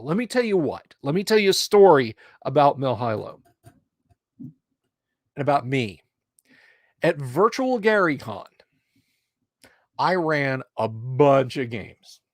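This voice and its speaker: Middle-aged male streamer, hype-building ramble, slow delivery, dry close mic. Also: on the high side, no room sound. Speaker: livestream host. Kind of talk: casual livestream chat.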